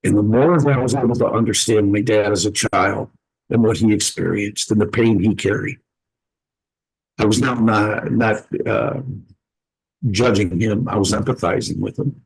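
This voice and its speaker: Gravelly, husky man sharing earnestly. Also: on the low side, steady tone, rough recording. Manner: earnest, reflective, pausing to gather his words. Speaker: participant sharing a personal story. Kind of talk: heartfelt personal sharing in a group conversation.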